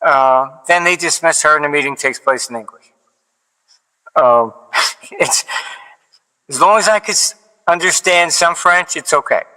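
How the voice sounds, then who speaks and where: A man's voice: a little high, unhurried, long pauses, pushed and bright. A man telling long stories in casual talk, full of fillers and restarts, who acts out the quoted back-and-forth of each anecdote with a dry delivery. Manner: rambling, many fillers and restarts. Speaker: financial analyst guest. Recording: long hall reverb.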